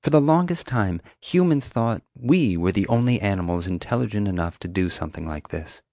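A man's voice: on the low side, animated, a little fast, mellow, no room sound, clean studio sound. A man reading an audiobook, voicing a knowing mother who explains things patiently. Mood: explaining. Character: sharp, knowing mother, a woman. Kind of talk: audiobook character voice.

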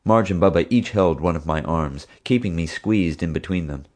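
A man reading an audiobook in steady, even first-person narration. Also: low-pitched, moderate pace.

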